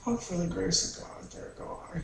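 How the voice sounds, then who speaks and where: Male therapy client, gravelly and unhurried, blunt and profane, roomy echo, mic far away. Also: high voice. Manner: blunt and profane, with bitter laughs. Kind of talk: recounting a painful memory in a session. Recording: echoey room, mic far off, faint noise.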